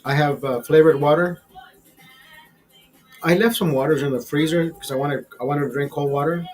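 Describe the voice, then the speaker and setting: A man's voice: fairly high pitch, moderate pace, a little mellow, faint music behind, poor audio. A man hosting a livestream, chatting to his viewers in a profane, rambling, easygoing way. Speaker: livestream host. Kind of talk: casual chat to viewers.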